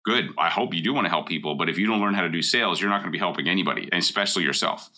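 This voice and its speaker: Middle-aged man, very deep and bright-toned, casual advice talk, emphatic and direct. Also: rapid-fire. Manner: blunt, emphatic, repeats key points. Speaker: mortgage broker.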